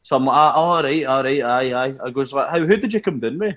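A young man with a Scottish accent, co-hosting a casual podcast and telling animated football anecdotes, laughing as he goes. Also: medium pitch, fast. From Scotland. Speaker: podcast co-host. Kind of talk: casual storytelling chat.

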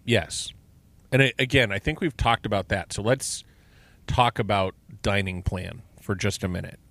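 A man's voice: fairly low pitch, normal speed, creaky, a bit bright, no room sound. A middle-aged man co-hosting a podcast, chatting casually and enthusiastically and asking lots of questions. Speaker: podcast co-host. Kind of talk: casual chat.

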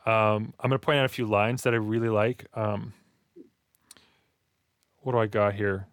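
Low-voiced man in lively writing chat. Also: normal speed, dry recording, studio quality. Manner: animated, acts out reactions in quoted asides. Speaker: podcast co-host discussing writing. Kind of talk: casual chat.

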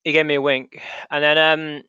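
Brief: young male co-host, bright, clean voice, deadpan teasing, a slightly dull, dry recording. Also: a little high, normal speed, smooth, no room sound. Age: young adult. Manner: dry, teasing, hesitant with many ums. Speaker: podcast co-host. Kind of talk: casual chat.

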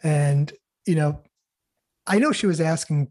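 A middle-aged man speaking earnestly and haltingly as a guest in an interview. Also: on the high side, darkish tone. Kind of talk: emotional interview talk.

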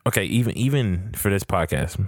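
A man's voice: lowish voice, expressive, fairly quick, no echo, clean studio sound. A man co-hosting a podcast, laid-back in casual chat, often answering with brief reactions. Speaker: podcast co-host.

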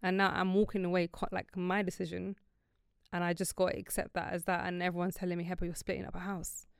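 A woman's voice: fairly low pitch, completely flat delivery, fast, vocal fry, smooth, no echo, studio quality. A woman, talking earnestly and reflectively in a podcast conversation.

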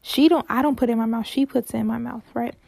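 A woman's voice: fairly high pitch, fairly even intonation, quick pace, vocal fry, warm tone, no room sound. A young woman telling a story in a casual, chatty way, full of "like" fillers and dramatic exclamations. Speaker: podcast host.

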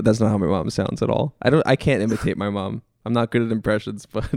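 Young male podcast guest, easygoing and self-mocking, low voice, dead-dry recording. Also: fast, gravelly, dry recording. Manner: relaxed, laughing, self-deprecating. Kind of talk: casual chat.

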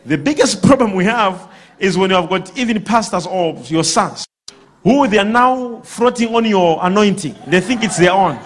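A man preaching a sermon to a congregation, drawing replies from the crowd and breaking into shouts and laughter. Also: sits high, moderate pace. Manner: animated, bursts into shouts and laughter. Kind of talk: sermon with call-and-response.

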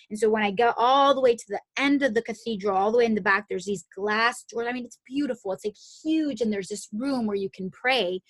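A woman's voice: mid-range voice, moderate pace, fairly bright tone, dry recording. A young adult woman hosting a podcast, telling a personal story in a casual, chatty way, full of "like" and "um" and frequent restarts. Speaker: podcast host.

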